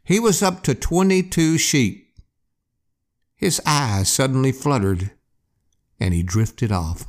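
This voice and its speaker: A man hosting a podcast, telling a scary campfire story in a slow, expressive way. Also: medium pitch. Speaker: podcast host. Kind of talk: storytelling narration.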